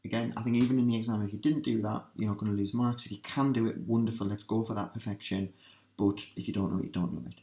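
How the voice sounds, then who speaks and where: A man's voice: lowish voice, steady tone, gravelly, dark tone. Man teaching in an echoey room. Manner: talks students through translations step by step, asking quick questions. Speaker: language teacher. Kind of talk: revision lesson walkthrough. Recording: roomy echo.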